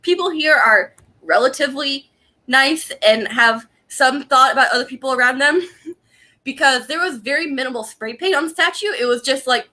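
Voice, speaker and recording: A young woman vlogger goes on an angry, profane rant during a casual livestream at home, laughing frequently. Recorded through a laptop webcam, her voice sits high with a sharp tone.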